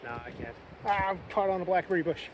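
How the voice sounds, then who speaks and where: A young man vlogging casually outdoors on a windy coast, rambling enthusiastically in relaxed slang. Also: high-pitched, fast talker. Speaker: travel vlogger. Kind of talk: casual travel vlog. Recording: wind noise on the mic.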